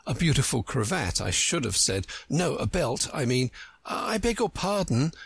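A polite, earnest little storybook girl, as a male narrator puts her on, pitched well above his own husky voice. She speaks slowly and carefully, with the sound kept close and dry. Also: huge pitch swings, no echo, heavily acted. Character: polite earnest seven-year-old girl.

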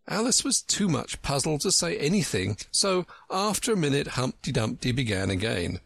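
A man reading a storybook aloud as narrator, with a measured, expressive delivery. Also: medium pitch, gravelly, husky, dry recording.

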